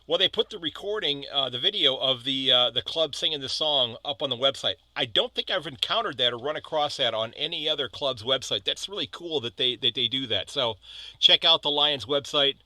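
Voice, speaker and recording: A man's voice: mid-range voice, expressive, fairly quick, sharp tone, dry recording. An American man in his fifties hosting a casual podcast chat, talking loosely with frequent restarts. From United States. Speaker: podcast host.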